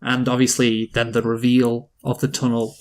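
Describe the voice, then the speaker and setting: A man's voice: mid-range voice, completely flat delivery, normal speed. A man co-hosting a film review podcast in casual chat, rambling with frequent restarts and fillers. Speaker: podcast co-host reviewing films.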